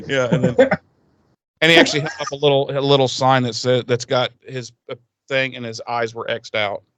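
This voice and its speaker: A man's voice: mid-range voice, level tone, a little fast, a bit bright, slight background noise. A man co-hosting a podcast, recapping a TV episode in crude, joking casual chat and acting out the characters' lines. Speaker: podcast co-host.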